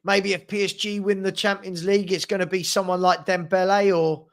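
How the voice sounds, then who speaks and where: A man's voice: sits high, little pitch movement, brisk. A man hosting a live match watchalong, calling the play in a casual way and chatting with viewers about their comments. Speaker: watchalong host.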